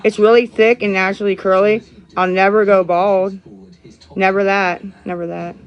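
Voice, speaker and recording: A woman's voice: mid-range voice, little pitch movement, normal speed, clean tone, muffled recording. A woman streaming live, chatting to viewers in a sarcastic, profane, rambling way. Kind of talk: casual live-stream chat.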